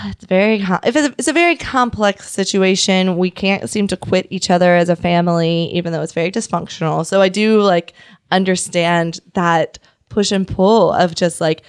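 A woman's voice: fairly low pitch, moderate pace, clear, resonant tone, no echo, studio quality. A young woman co-hosting a casual chat, talking candidly and thoughtfully, with some hesitation. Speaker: co-host.

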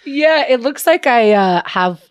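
Woman comedian, lively swooping pitch, laughing storyteller who curses freely. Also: unhurried. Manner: animated storytelling, frequent laughter, swearing. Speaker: comedian, podcast host. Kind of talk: casual comedic chat.

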